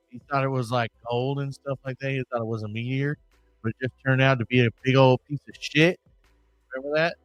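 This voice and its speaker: A man's voice: fairly high pitch, a bit bright, no room sound. A man hosting a podcast in casual chat, rambling with crude joking asides. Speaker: podcast host.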